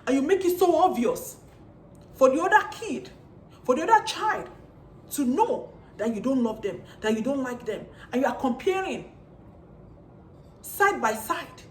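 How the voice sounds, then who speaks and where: A woman's voice: sits high, slight background noise. A woman lecturing parents in a vlog, repeating pointed rhetorical questions. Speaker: parenting vlogger. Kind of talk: preachy monologue to parents. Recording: echoey room.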